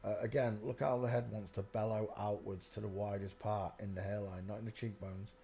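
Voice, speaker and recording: A man's voice: fairly low pitch, little pitch movement, fairly quick, creaky, dark tone, a little hiss or hum. A man hosting a live stream, talking casually in a rambling way and often telling viewers to look at pictures. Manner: rambling, keeps saying "look" while pointing at pictures.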